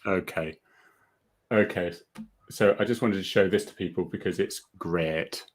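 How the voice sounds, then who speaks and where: Chatty, low-voiced man hosting a live chat. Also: unhurried. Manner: chatty and self-deprecating, laughs often. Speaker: host.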